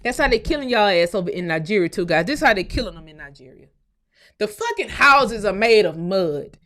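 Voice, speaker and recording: A woman from the United States hosting her own channel, delivering a profane, heated commentary rant that swings from low muttering to shouting. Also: sing-song, a little fast. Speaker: channel host. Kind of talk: ranting commentary vlog.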